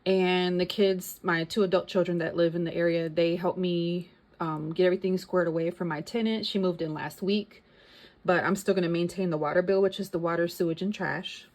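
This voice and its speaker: A woman's voice: fairly low pitch, steady tone, brisk, a little mellow. A middle-aged woman chatting casually as a vlogger, thinking aloud and reading out figures. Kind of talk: casual chat.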